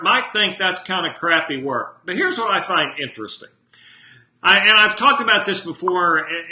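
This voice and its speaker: A man's voice: high voice, bright, forceful tone. Blunt, emphatic man in a roomy office. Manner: blunt, emphatic, questions the listener directly. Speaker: motivational speaker. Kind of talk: live video monologue to viewers. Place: his office at home.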